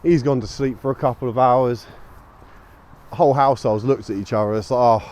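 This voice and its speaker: A man's voice: mid-range voice, brisk, darkish tone. Tired man rambling on a walk. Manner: rambling and easygoing, with frequent fillers. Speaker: vlogger walking his dog. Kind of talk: casual walk-and-talk chat. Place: outdoors on a local street at dusk. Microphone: small action camera.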